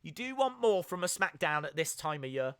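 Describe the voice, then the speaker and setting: A man's voice: a little high, sing-song, fairly quick, smooth. A young man hosting a casual live-stream reaction chat, rambling with lots of fillers and restarts as he reads out viewer comments and thanks people.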